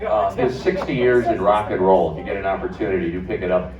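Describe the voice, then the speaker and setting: A man's voice: sits low, fast, a crowd in the background. An older man, a former radio host, recalling his first days at a station. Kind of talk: reminiscing on stage. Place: stage at a music club. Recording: echoey, dull, from far off.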